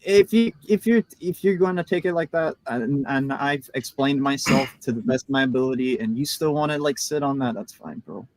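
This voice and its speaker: A man's voice: mid-range voice, normal speed, hardly any pauses, a little mellow, poor audio. A man as a guest in a heated discussion, defensive and talking in casual slang with swearing.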